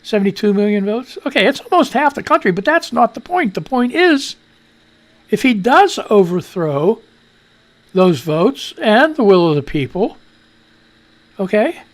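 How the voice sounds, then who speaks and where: A man's voice: high-pitched, very animated, unhurried. A man hosting a live radio news show, rambling in exasperated, sarcastic casual commentary while wheezing.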